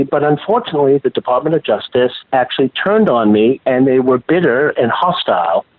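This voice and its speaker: Man talking over a tinny phone line. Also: mid-range voice. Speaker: guest, former banker and whistleblower. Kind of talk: interview answers, storytelling.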